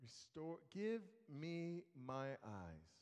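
A man voicing a blind male beggar who pleads in a hushed, begging voice, in a hall with a long reverb. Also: a little high, huge pitch swings, drawn-out words, smooth, exaggerated voice. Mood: pleading.

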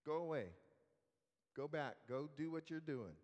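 A calm, authoritative male teacher, as a preacher puts him on, gives soft, gentle commands. The voice sits a little high and moves slowly. A long reverb trails each line, as in a large hall.

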